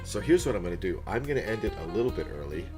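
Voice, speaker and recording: A man's voice: on the low side, big pitch swings, racing. A man in his thirties, a streamer, chatting casually to his viewers in a heartfelt, rambling way, repeating words and getting choked up. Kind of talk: casual livestream sign-off chat. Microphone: desk microphone. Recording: guitar music playing behind.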